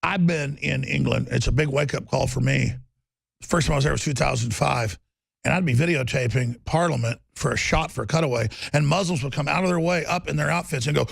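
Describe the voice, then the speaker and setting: A male talk show host delivering a loud, rambling monologue with a gravelly voice, bursting into shouting. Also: a little high, fast, no room sound. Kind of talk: ranting monologue.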